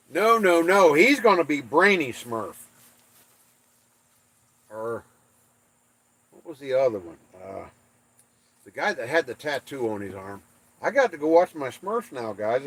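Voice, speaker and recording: Slow-talking American man on a livestream. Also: mid-range voice. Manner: slow, drawn-out, playful trash talk. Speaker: livestream host. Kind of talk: casual livestream chat reading comments.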